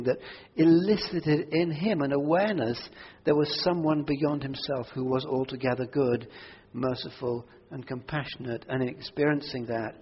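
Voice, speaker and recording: A man preaching a sermon to a church congregation, earnest, moving between quiet prayerful asides and loud emphatic declarations. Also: fairly high pitch, breathy edge. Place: church hall. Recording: dull audio with long hall reverb.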